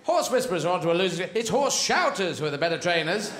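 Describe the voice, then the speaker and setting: A man's voice: high-pitched, very animated, fast, few pauses, a bit bright, a little hiss or hum. A man doing a stand-up comedy routine on a live stage, rambling playfully and slipping into silly voices and sound effects. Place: live theatre stage with audience. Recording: roomy live stage recording.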